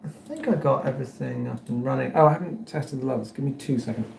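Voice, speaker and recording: An English man talks loosely to his livestream audience in a rambling, self-mocking way, reacting to viewer comments as he goes. His voice sits at a middle pitch and rings around a roomy, echoey home studio. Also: quick pace, creaky, noisy background. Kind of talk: casual livestream chat.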